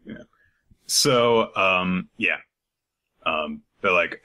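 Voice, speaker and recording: A podcast co-host recaps chapters in casual conversation, retelling scenes in silly put-on voices. His own voice sits low, with a sharp tone and a measured pace.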